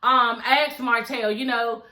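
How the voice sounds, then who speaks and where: A woman's voice: fairly high pitch, fairly even intonation, slow, bright, forceful tone. A woman giving a blunt, sassy, profane recap of a reality show in casual commentary. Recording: echoey room.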